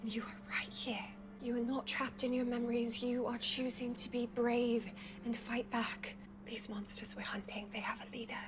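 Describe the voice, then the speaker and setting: A frightened young woman, played by an actress in a TV drama, whispering urgently. Her voice sits fairly high. A hum runs under the clip. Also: flat delivery, normal speed, close to an everyday voice. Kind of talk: TV drama acting.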